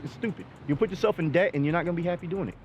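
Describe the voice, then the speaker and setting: A middle-aged man and vlog host in casual chat, talking bluntly with lots of profanity and animated emphasis. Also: sits high, very fast, soft background music.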